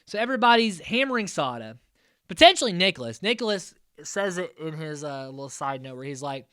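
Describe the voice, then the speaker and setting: A man hosting a casual podcast, recapping a reality show in an animated, exasperated way and swearing freely. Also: fairly high pitch, a little fast, smooth, no echo, clean studio sound. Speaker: podcast host.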